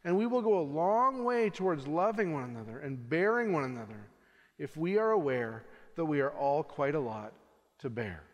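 Male pastor, slightly high voice, measured sermon delivery, long hall reverb. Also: animated. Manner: measured preaching with slow, trailing emphases.

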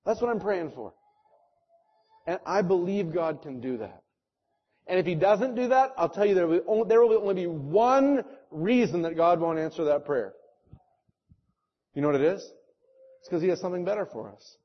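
A man preaching with real fire, his fairly high voice swinging between urgent calls and hushed, earnest prayer. The recording is dull and lo-fi, like a church sermon taped and passed along. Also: lively intonation, moderate pace, long pauses. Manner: impassioned preaching, rising loud exhortations then hushed prayer. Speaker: pastor.

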